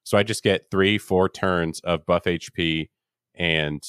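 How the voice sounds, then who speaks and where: Deep-voiced male co-host, relaxed and halting, recorded dry and close. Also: clear, resonant tone, no echo. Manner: easygoing, hesitant with many ums. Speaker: podcast co-host. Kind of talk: casual podcast chat.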